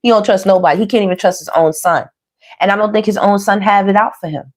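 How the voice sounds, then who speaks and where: A woman's voice: medium pitch, fast. A woman giving a casual tarot reading, chatty and slangy, talking to viewers as y'all and baby. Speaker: tarot reader.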